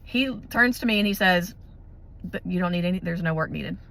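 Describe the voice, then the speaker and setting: In a fairly low, creaky voice and at a brisk pace, a woman tells her viewers a personal story of faith. Her vlog testimony is casual and lively, full of fillers and false starts.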